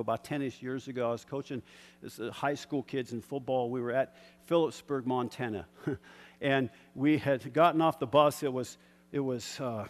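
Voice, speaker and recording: A man preaching a sermon, moving between quiet personal reflection and loud, fervent storytelling with bursts of laughter. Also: mid-range voice, long reverb tail. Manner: builds from soft reflection to shouted fervor, with laughs.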